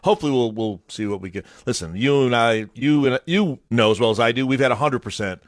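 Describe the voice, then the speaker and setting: A male radio host chatting casually on a morning show and telling a story with lively acted-out voices. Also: medium pitch, fast, no room sound, studio quality. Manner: animated storytelling, acts out voices.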